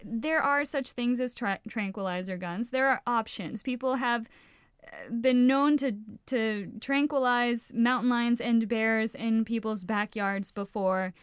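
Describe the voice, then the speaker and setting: A woman's voice: a little high, unhurried, clean tone, no room sound, studio quality. A woman co-hosting a casual podcast, talking frankly and with feeling, swearing freely and often restarting her sentences. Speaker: podcast co-host.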